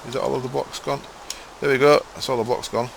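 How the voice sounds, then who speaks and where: A young gaming streamer from Hull, East Yorkshire, England, talks fast in a steady, creaky, mid-range voice with a mild Hull accent. He rambles, chats with his live chat, mumbles to himself while playing and swears casually, and a little hiss or hum sits under the audio.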